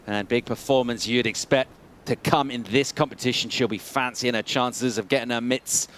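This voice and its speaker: An upbeat man at mid pitch calls surfing live, chatty and quick with a joke. His commentary runs over a faint hum of noise in the background. He keeps the energy bright between the rides. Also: fairly even intonation. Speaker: play-by-play surf commentator.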